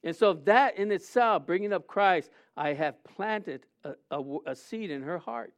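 A man preaching a sermon, animated and conversational, often acting out quotes in a raised voice. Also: high voice, normal speed. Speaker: pastor. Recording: dull lo-fi sound.

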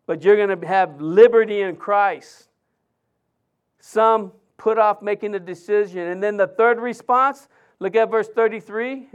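A man's voice: high-pitched, clean tone, lo-fi sound. A man, a pastor, preaching a sermon in church in a conversational way with frequent restarts.

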